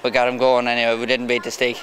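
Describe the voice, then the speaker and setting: A man's voice: medium pitch, completely flat delivery, fast, fairly bright tone. A man, a jockey, chatting casually outdoors at a race track with a dry, joking manner. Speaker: jockey being interviewed. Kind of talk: casual chat. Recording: crowd noise behind.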